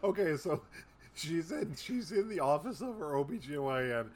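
A man's voice: fairly high pitch, sing-song, moderate pace. A man in a casual chat, brainstorming a story and prompting his co-host with questions.

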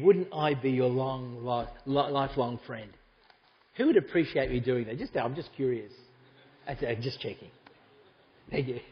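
A pastor with a fairly high voice preaches a sermon in a church hall, speaking conversationally and making asides to the congregation in front of him. The muffled recording has a big-room sound.

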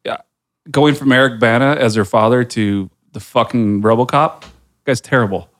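A man hosts a pop culture podcast in a mid-pitched voice. He talks loosely, swears freely and leans on fillers as he riffs with his co-hosts. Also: moderate pace, a bit bright. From United States. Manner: loose and profane, many fillers. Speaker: podcast host. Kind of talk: casual pop culture chat.

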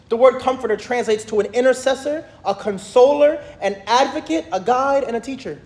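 A man with a very high voice leads a Bible study like a sermon, excitable and emphatic, lingering over each verse. His voice rings out with a roomy echo around it. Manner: excitable, emphatic, slows down for scripture. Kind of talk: sermon-style Bible teaching.

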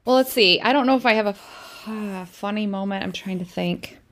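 A woman in her thirties co-hosting a podcast, chatting casually about faith and telling stories in a chatty, animated way. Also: mid-range voice, brisk. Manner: chatty storyteller, warm and animated. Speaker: podcast co-host.

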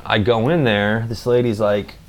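Brief: low-pitched guy, casual travel vlogger, slangy and profane, rambling storyteller. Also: fairly even intonation, normal speed.

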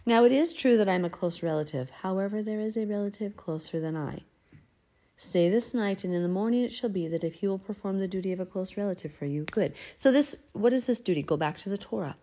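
A woman's voice: mid-range voice, fast, mellow. Chatty woman reading and explaining scripture. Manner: reads verses aloud, then explains them chattily; acts out the figures' lines in an everyday voice. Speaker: bible study teacher. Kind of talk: casual scripture reading and commentary.

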